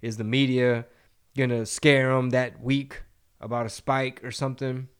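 Casting note: young Texan man, podcast co-host, relaxed storyteller, mid-pitched voice. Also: measured pace, clean tone. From Texas. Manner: laid-back storyteller, acts out voices in anecdotes. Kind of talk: casual podcast chat.

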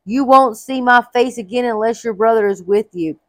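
A woman's voice: fairly high pitch, moderate pace, fairly bright tone, no echo, close to an everyday voice. Woman reading as an earnest grown son. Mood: insistent.

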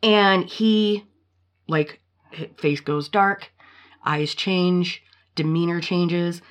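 A woman hosting a casual podcast, retelling a story in a blunt, profane, animated way. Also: fairly low pitch, extremely slow. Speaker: podcast host.

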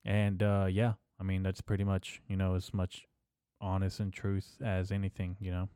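Brief: male podcast host, low register, dry mic, loose profane comic rambling. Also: completely flat delivery, normal speed, mellow, clear, resonant tone, dry recording. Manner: profane, loose and jokey, lots of fillers.

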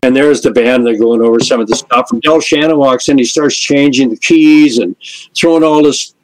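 A man's voice: mid-range voice, normal speed, poor audio. An older man, a musician being interviewed, telling anecdotes and acting out the people in them. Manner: lively storyteller who acts out the people in his stories. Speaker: guest musician, lead singer. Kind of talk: anecdotal storytelling in a podcast interview.

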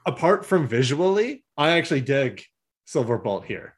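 Male co-host, average pitch, jokey and profane, laughs easily. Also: sing-song, normal speed. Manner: joking, laughs often, swears freely. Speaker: podcast co-host. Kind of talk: casual chat.

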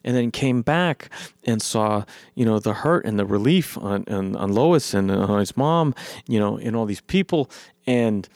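A man excitedly recapping a film in a rambling, profane way, his voice worn from long talking. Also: fairly low pitch, measured pace, creaky, no echo, studio quality. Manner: enthusiastic, profane, rambling with many fillers. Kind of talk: excited movie recap monologue.

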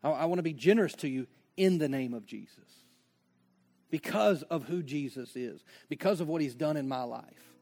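A man's voice: on the high side, normal speed, a little mellow, faint music behind. A man preaching a sermon as pastor, conversational, with joking asides and acted-out dialogue.

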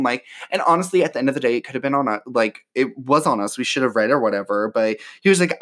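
A man telling a story in a casual, sassy way, full of "like", his voice leaping up when he gets excited. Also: fast talker, few pauses. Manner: chatty and sassy, heavy use of "like"; animated, with voice jumping high when excited.

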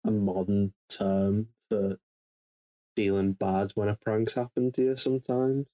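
Low-voiced man, wry and teasing. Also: little pitch movement, measured pace, rough recording. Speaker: podcast co-host. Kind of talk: casual chat.

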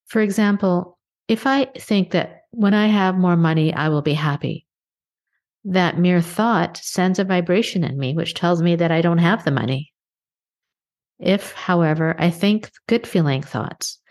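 Low-voiced earnest woman podcaster. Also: a little mellow. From Canada. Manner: measured, earnest, slows down for emphasis. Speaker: podcast host. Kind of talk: reflective motivational monologue.

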